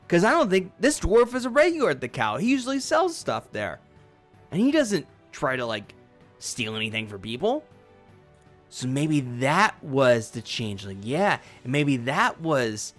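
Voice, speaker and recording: A man running a tabletop game as game master, casual and chatty. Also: on the high side. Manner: casual, chatty, many fillers.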